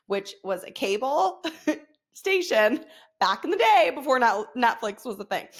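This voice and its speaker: Woman in her 30s ranting on her podcast, swears a lot, laughs a lot, slightly high voice. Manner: profane, animated, laughing often, mimics her son. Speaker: podcast host. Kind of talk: casual solo podcast rant.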